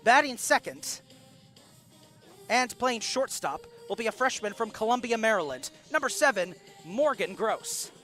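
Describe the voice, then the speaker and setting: A man calling a live college softball broadcast as play-by-play announcer, reading out the lineups in a steady announcer delivery and quickly correcting his own slips. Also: high-pitched, faint music behind.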